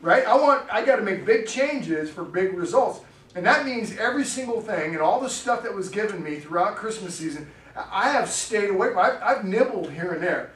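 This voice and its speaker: In a church sanctuary, a middle-aged pastor with a high, slightly bright voice preaches animatedly at a moderate pace. His sermon is chatty and story-driven with frequent laughs, captured from a distance in an echoey hall with faint noise.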